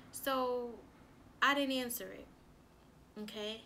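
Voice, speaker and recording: A woman who is a mother, chatting casually through a storytime, animated and full of "like" and her own quoted thoughts. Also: fairly high pitch, unhurried, noisy background. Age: adult with a son. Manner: animated, lots of "like" and quoted self-talk. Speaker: relationship coach and vlogger.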